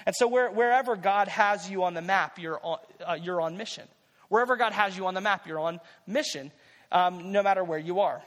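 A man's voice: high voice, fairly quick, fairly bright tone, long reverb tail. A man preaching a sermon as pastor, conversational and repeating key phrases for emphasis.

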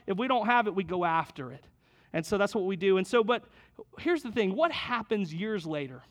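Homem pregando com voz aguda e coloquial. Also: male voice, sits high. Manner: conversational, repeats key phrases, jokes with listeners. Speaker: pastor. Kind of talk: sermon.

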